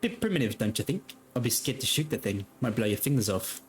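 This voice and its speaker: A man playing a menacing male cop leader, gruff and mocking. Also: medium pitch, sing-song, fast, a little hiss or hum, close to an everyday voice. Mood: mocking menace.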